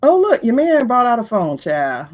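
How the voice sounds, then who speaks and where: Here a livestream host, a woman with a higher voice at a normal speed, comments on a news clip over dull audio. Her casual talk is exasperated and animated, full of laughter, and she answers the screen directly.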